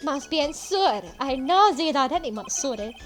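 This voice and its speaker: A flamboyant male restaurant owner from a video game, all drawn-out vowels and a heavy mock French accent, performed by a woman reading the lines. The voice sits high and theatrical. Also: animated, soft background music. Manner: exaggerated, drawn-out theatrical delivery. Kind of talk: reading game dialogue aloud.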